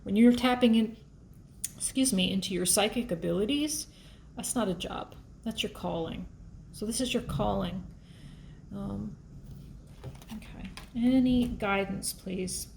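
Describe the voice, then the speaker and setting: A woman talks through a tarot spread in a loose, chatty way, musing aloud and getting emotional over the cards. Her mid-pitched voice carries a gravelly, creaky texture. A faint hiss sits under the recording. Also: measured pace, pauses often, darkish tone. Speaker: tarot reader. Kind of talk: casual tarot reading to camera.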